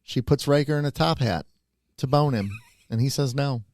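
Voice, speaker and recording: A man's voice: mid-range voice, normal speed, a little mellow, no echo. A man co-hosting a casual podcast, musing aloud and often checking in with "right?". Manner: musing, thinks aloud with many "right?" tags. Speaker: podcast co-host. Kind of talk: casual chat.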